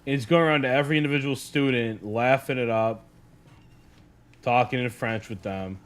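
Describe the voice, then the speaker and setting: A young adult man telling a casual story, animated and peppered with "like". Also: mid-range voice, normal speed. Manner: animated, heavy use of "like". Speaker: streamer.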